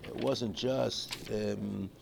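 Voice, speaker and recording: Gravelly man teaching a Torah class. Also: fairly low pitch, fairly even intonation, drawn-out words. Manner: digressive, restarts often, mixes in Hebrew and Yiddish terms. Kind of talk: informal religious class with storytelling. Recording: clear background noise.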